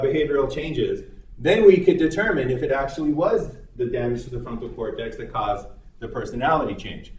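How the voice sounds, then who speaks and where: A man's voice: medium pitch, a little mellow. A man lecturing a psychology class in a conversational, explanatory way with occasional fillers. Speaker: psychology instructor. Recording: echoey room, mic far off.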